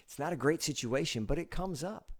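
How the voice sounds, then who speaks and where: A man hosting a sales advice show, talking straight to the viewer in a conversational coaching way, acting out meeting lines with sudden loud bursts. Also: on the high side, animated, brisk. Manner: conversational, coaching in second person. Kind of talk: direct-to-camera advice talk.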